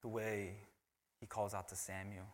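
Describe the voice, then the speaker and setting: A man, a pastor preaching a sermon, who moves between loud, emphatic lines and hushed, whispered ones. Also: on the low side, level tone, moderate pace. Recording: long hall reverb.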